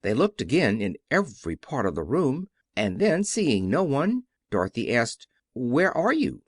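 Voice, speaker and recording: A man narrating a classic children's story as an audiobook with expressive storytelling. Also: mid-range voice, normal speed, no echo, studio quality. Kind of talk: scripted narration.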